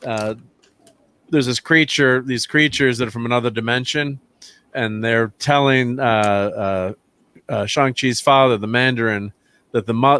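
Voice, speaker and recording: A man hosts a loose film review chat, trailing off into fillers and restarting his sentences. His voice sits at an ordinary pitch. The sound is dry and close, with no room around it. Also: a bit bright, clear, resonant tone, no room sound. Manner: rambling, many fillers and restarts, laughs often. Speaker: channel host, film reviewer.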